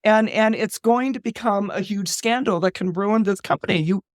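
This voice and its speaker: A man doing an anxious grown woman, pitched well above his own voice, tense and pleading. She sounds strained as she turns her brother down, in a dry, close recording. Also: normal speed, dry recording, natural voice. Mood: alarmed.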